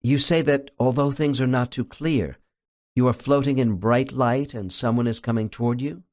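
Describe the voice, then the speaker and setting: A man reading the lines of a calm male hypnotherapist with steady, patient questions. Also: mid-range voice, moderate pace, natural voice.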